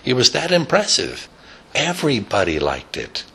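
A man telling a rambling, improvised story, animated, with sound effects and casual asides. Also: medium pitch, moderate pace, vocal fry, slightly rough.

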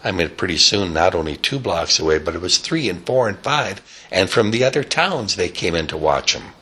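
Man, low husky voice, lively swooping pitch, improvised storytelling, sound effects and asides. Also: moderate pace.

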